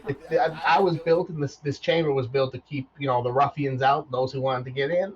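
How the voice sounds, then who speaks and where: A man voicing a cheerful, folksy male robot who runs a trivia game, in a high, bouncy voice full of old-fashioned exclamations. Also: fairly even intonation, a little fast, close to an everyday voice. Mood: chatty. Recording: dull lo-fi mic.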